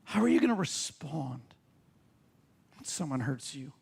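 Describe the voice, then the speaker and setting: A man's voice: a little high, sing-song, a little slow, vocal fry, a little mellow, breathy edge, in a large hall. A male pastor preaching a sermon in a conversational way, full of rhetorical questions. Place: church sanctuary.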